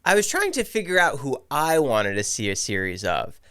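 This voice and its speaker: A man's voice: mid-range voice, huge pitch swings, moderate pace, fairly bright tone, clean tone, no echo, studio quality. A male podcast host asking short, prompting questions in a casual interview.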